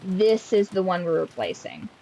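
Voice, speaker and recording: A woman's voice: on the low side, very animated, moderate pace, dark tone, muffled recording, slight background noise. A woman streaming a game, chatting casually with sarcastic, profane jokes.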